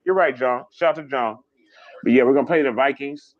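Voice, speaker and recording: A man hosting a casual livestream, chatting fast and rambling, swearing freely as he reads viewer comments. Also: mid-range voice, narrow, tinny audio. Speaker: livestream host.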